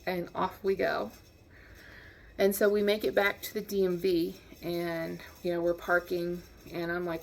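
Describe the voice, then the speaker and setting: Wry woman telling a story, gravelly voice. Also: lowish voice, unhurried. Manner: lively, wry, acts out quotes. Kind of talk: casual personal anecdote.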